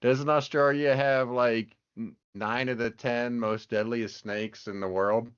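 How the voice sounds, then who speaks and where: A man from the United States hosting a podcast interview, friendly and quick to laugh. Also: medium pitch, steady tone, clean tone, no room sound, muffled recording. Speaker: podcast host. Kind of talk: casual interview chat.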